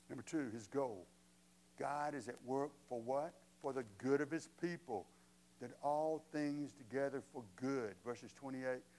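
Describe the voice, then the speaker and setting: A man's voice: mid-range voice, a little mellow, a little hiss or hum, low-quality recording. A man preaching a sermon as pastor, conversational and emphatic, asking the congregation rhetorical questions.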